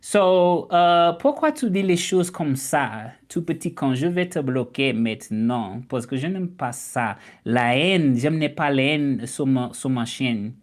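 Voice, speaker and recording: A young man from Memphis with a Southern US accent, hosting a casual livestream and answering comments in an animated, indignant way. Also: medium pitch, measured pace, few pauses. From Memphis, Tennessee, US. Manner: animated, indignant at doubters, drawling. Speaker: livestream host.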